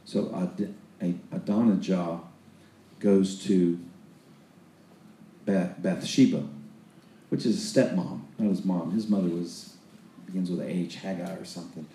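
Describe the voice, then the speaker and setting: Deep-voiced man preaching in an echoey room. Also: steady tone, unhurried, pauses often, mellow, slight background noise. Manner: loose, conversational storytelling with restarts and acted-out quotes. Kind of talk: sermon retelling Bible stories.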